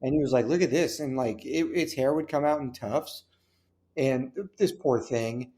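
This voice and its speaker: Mellow-voiced man telling rambling stories. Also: medium pitch, normal speed. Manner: rambling anecdotal storytelling. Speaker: podcast guest, comedian and actor. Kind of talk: casual chat.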